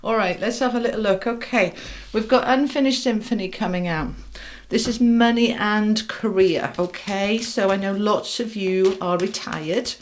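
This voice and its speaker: A woman's voice: medium pitch, normal speed. A middle-aged woman giving a casual tarot reading, chatting to viewers in an upbeat way and speaking straight to them. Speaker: tarot reader.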